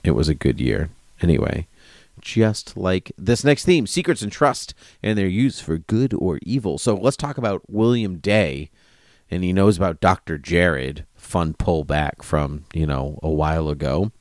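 A man with a very low voice chats casually about a TV show, recorded close and dry. He talks in a jokey, animated way and slips into silly bits. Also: a little slow, no room sound. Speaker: podcast co-host. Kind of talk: casual TV recap chat.

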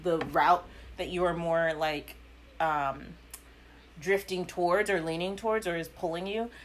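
A woman's voice: lowish voice, fairly even intonation, unhurried, a little hiss or hum. A young adult woman from Virginia, co-hosting a podcast, talking candidly and laughing easily in casual chat. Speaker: podcast co-host.

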